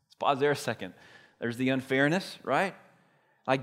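A man's voice: mid-range voice, normal speed, fairly bright tone. A man preaching a sermon as a pastor, retelling a story in a conversational, emphatic way.

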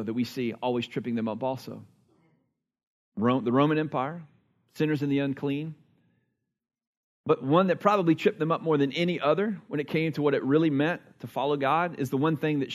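A man preaching a sermon in a conversational way, often repeating words and chuckling. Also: fairly high pitch. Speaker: pastor.

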